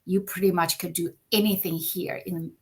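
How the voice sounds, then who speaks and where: Middle-aged woman from China, interview guest: low-pitched, gravelly, animated storyteller. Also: normal speed. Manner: animated, frequent "right?" tag questions. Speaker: podcast guest, company founder. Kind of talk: conversational storytelling.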